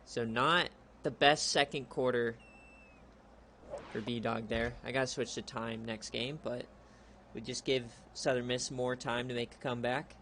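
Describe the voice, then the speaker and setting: A young man giving laid-back play-by-play commentary on a streamed video game, chatty and prone to excited outbursts. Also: mid-range voice, measured pace, slight background noise. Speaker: league streamer.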